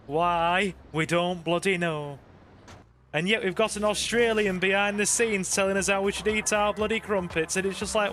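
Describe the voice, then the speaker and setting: Chatty gaming host. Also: male voice, high-pitched, fairly even intonation, moderate pace, a bit bright, slight background noise. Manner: chatty, joking, swears casually, talks to the chat. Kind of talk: casual let's-play commentary.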